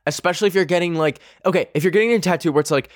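A man hosts a podcast with a casual opinion rant, swearing a lot and rambling with many fillers. His voice is on the high side and racing, captured in clean studio sound without echo.

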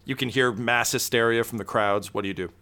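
A man's voice: medium pitch, fairly quick, bright, forceful tone. A man narrating a tabletop game as game master over a video call, laid-back and full of fillers.

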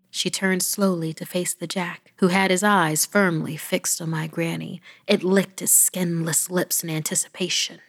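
A woman narrating a horror story in a hushed, often whispered and dramatic way. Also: on the low side, gravelly.

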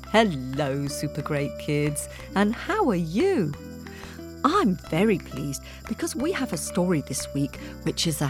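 Slow, animated woman kids' podcast host. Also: low-pitched. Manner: chatty, playful, quizzing listeners. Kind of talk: children's podcast introduction. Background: background music.

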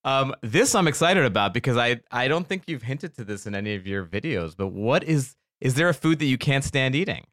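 A man hosting a casual podcast chat, playful and teasing, quick to exclaim. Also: medium pitch, lively intonation, fairly bright tone, dry recording, clean studio sound. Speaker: podcast host.

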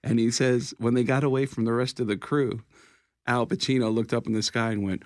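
A man, a comedian and voice actor, telling lively comic stories as a radio guest and jumping into quoted voices. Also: a little fast, dry recording, studio quality. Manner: lively, jumps into high-pitched quoted voices. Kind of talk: animated comic storytelling.

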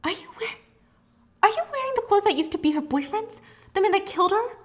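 A woman's voice: lively intonation, measured pace, heavily acted. A woman voicing an uneasy young newlywed woman, incredulous and squeamish. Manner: incredulous, higher-pitched.

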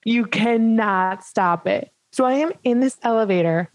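A woman's voice: a little high, measured pace, no echo, rough recording. Chatty woman in her twenties, dry mic. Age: 20s. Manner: animated, many "like" fillers, laughs while telling. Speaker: podcast co-host. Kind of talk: casual storytelling chat.

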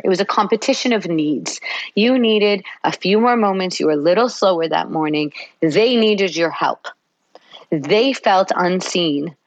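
A woman with a lowish voice, a psychologist appearing as a podcast guest, explains things at length and acts out small exchanges between parent and child. Her manner is warm and explanatory. The recording has no echo and the highs are cut off.

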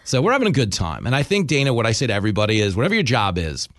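Animated New York man telling stories. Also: on the low side, rapid-fire, no room sound, studio quality. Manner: animated storyteller, acts out voices in anecdotes. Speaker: radio host and comedian guest. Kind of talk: casual interview chat.

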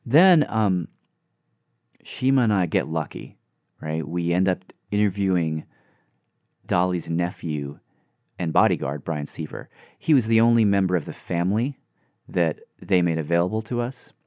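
This Nashville man, creator of a series, talks as an interview guest in a low-pitched, slightly mellow voice at a moderate pace. He sounds earnest and reflective, using lots of fillers, and the audio is studio-quality without echo.

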